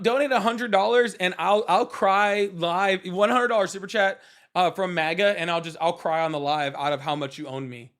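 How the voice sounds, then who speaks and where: A man's voice: sits high, fairly bright tone. A man hosting a live political call-in stream, talking in a sarcastic, teasing way.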